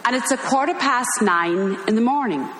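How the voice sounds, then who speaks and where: An older Irish woman, a religious sister, telling an animated story and acting out the voices in it. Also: fairly high pitch, moderate pace, a little hiss or hum. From Ireland. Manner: animated, acts out quoted voices, laughs while telling. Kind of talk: storytelling talk. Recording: echoey hall with long reverb.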